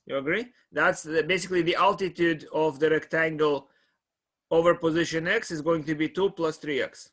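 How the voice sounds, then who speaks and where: A man's voice: fairly high pitch, steady tone, normal speed, a bit bright. Talkative man giving a calculus lecture. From Russia. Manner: conversational, checks in with students often. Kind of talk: classroom lecture.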